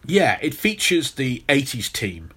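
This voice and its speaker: A man's voice: mid-range voice, big pitch swings, measured pace, sharp tone, husky. Male podcast host, casual storyteller, loose delivery with plenty of restarts. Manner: storytelling, repeats words when restarting.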